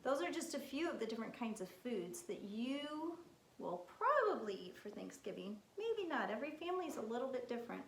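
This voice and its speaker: A woman's voice: fairly high pitch, big pitch swings, fairly quick, a bit bright, slight background noise. A woman teaching young children from picture cards, coaxing them with questions. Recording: echoey room.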